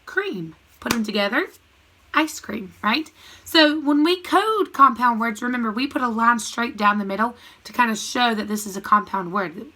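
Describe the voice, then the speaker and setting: A woman teaching a phonics lesson to young children, slowly sounding out words and thinking aloud as she writes on a board. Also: on the high side, bright, forceful tone, poor audio. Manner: slow, patient, sounds out words. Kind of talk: recorded classroom lesson.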